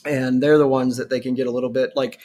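A man's voice: mid-range voice, little pitch movement, quick pace, a little mellow. A middle-aged man in casual chat, a rambling, profane storyteller who acts out what people said.

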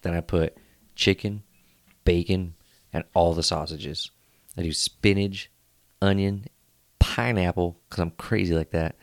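A man's voice: low voice, fairly even intonation, unhurried, creaky, long pauses, no echo. A man in his late twenties co-hosting a podcast, teasing his friends in casual chat. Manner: teasing, joking, breaks into put-on voices. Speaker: podcast co-host.

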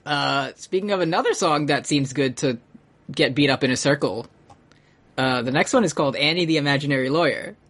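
A podcast co-host in casual chat, animated, laughing often and swearing casually. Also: medium pitch, fairly quick.

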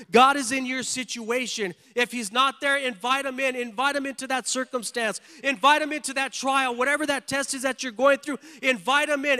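A man preaching with fervor, his voice pitched unusually high for a man. He hammers his points home by repeating phrases again and again. His words ring out with a long reverb through the church. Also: sharp tone. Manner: fervent, repeats phrases for emphasis. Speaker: pastor. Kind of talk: sermon.

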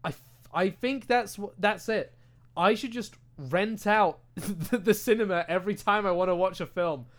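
British guy, young, high-pitched, casual podcast rant, swears a lot, desk mic. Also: moderate pace. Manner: animated, ranting, heavy swearing and filler words. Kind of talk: casual chat. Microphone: desk microphone.

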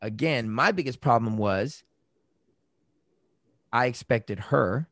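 A man in casual conversation about relationships, animated, acting out quoted arguments in raised voices. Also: medium pitch, slow pace, no room sound.

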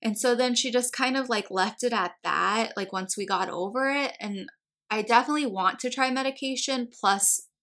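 A young American woman recounts a lengthy personal story in casual chat, voicing the dialogue herself and peppering it with "like." Her pitch is fairly high, her speed normal, and her tone fairly bright.

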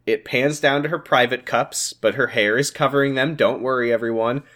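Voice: mid-range voice, steady tone, normal speed, fairly bright tone. A podcast co-host retelling a TV episode in casual comedic chat, animatedly acting out characters and laughing.

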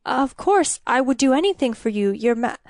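A woman's voice: high voice, animated, normal speed, a little mellow, no echo, clean studio sound. A woman voicing a reluctant royal servant who pleads and falters. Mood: pleading.

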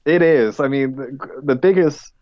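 A man's voice: medium pitch, unhurried, dry recording, dull audio. A man co-hosting a podcast in casual chat, rambling with lots of "like" and restarts. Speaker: podcast co-host.

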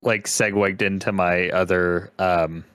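A man's voice: low voice, steady tone, measured pace, fairly bright tone, clean tone, no room sound, studio quality. A man interviewing a narrator over a video call, asking questions in a hesitant way packed with fillers. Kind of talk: casual interview chat.

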